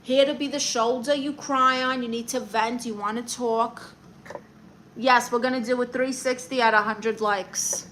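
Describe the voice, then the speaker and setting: A brassy woman with a Brooklyn accent hosts a comedy livestream, reading viewer comments aloud and handing out blunt, sassy advice. Her voice sits fairly high and has a sharp, bright edge. A faint hiss runs under it. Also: steady tone, measured pace. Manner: brassy, blunt and sassy, calls people honey. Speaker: livestream host giving comic advice.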